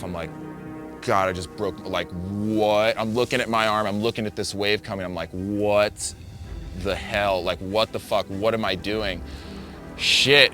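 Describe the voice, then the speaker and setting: A young man with a bright, forceful voice tells a surf story in a vivid, breathless way, leaning on fillers like "like" and "man." His pitch sits in the middle for a man. Soft music plays underneath. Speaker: big wave surfer. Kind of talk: recounting a near-death wipeout.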